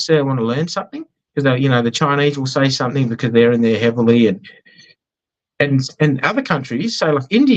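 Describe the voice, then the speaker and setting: A man's voice: mid-range voice, highs cut off. An Australian man chatting in an interview, telling anecdotes in a self-deprecating way. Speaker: business guest. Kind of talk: casual conversational interview.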